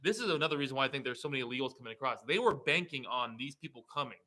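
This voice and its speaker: A man's voice: medium pitch, expressive, racing, sharp tone, poor audio. A man who is a state representative, speaking heatedly and emphatically as a guest in a political interview. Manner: heated, emphatic, rising to indignation.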